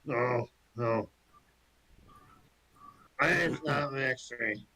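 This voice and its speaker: A man voicing a dim-witted, nervous male cart horse who talks slowly and complains. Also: medium pitch, pushed and bright, heavily acted, poor audio. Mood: dazed. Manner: slow, fretful, whiny complaining.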